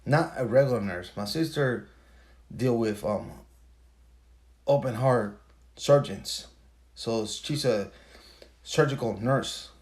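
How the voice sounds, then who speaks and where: A man's voice: medium pitch, darkish tone. A man hosting a podcast, telling a story in a casual, profane, emphatic rant full of rhetorical questions. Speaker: podcast host. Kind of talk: casual ranting monologue.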